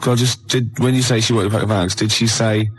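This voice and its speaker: A man's voice: on the low side, fairly even intonation, brisk, slight background noise, low-quality recording. A man on radio, cutting in with dry sarcastic asides. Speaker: radio co-host. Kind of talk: radio banter.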